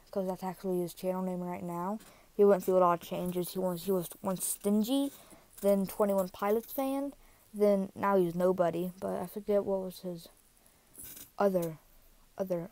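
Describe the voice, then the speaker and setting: A woman chats casually to her phone camera in a middle-pitched voice. She rambles, piles on fillers and wanders off into side remarks as she goes. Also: darkish tone, dry recording. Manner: rambling, full of fillers and asides. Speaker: vlogger. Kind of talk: casual vlog chat. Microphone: iPhone.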